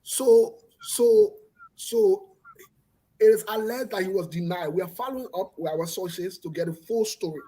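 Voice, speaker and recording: Husky-voiced talk host. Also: male voice, high-pitched, sing-song, moderate pace, dark tone. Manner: emphatic, repetitive, pointed. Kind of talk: animated political talk show chat.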